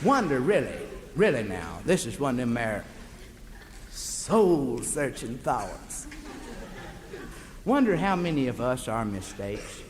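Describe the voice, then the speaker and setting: Folksy Southern comedian, rambling drawl. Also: male voice, mid-range voice, very animated, slow. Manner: folksy, drawling, rambling, calls the audience beloved. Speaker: stand-up comedian. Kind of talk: rambling live stand-up monologue. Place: stage before a live audience. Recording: echoey 1960s live LP recording with hiss.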